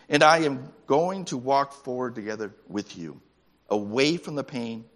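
A man preaching a sermon as pastor, with animated, rising excited peaks. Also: mid-range voice, in a large hall.

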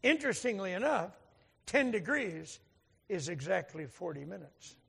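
A man's voice: sits high, big pitch swings, normal speed, creaky, fairly bright tone, slightly rough. A man preaching a sermon to a church congregation in a folksy, humorous storytelling way. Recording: echoey hall reverb.

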